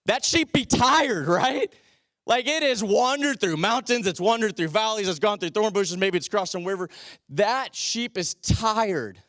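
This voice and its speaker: Guy preaching a sermon, pretty high voice, chatty, keeps asking the crowd questions, dry close sound. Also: animated, a little slow, fairly bright tone, dry recording. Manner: conversational, asks the congregation rhetorical questions. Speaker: teaching pastor.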